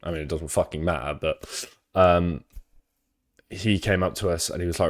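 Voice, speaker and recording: A man's voice: sits low, steady tone, normal speed, fairly bright tone. A young man with a British accent, chatting casually on stream, rambling through sweary anecdotes.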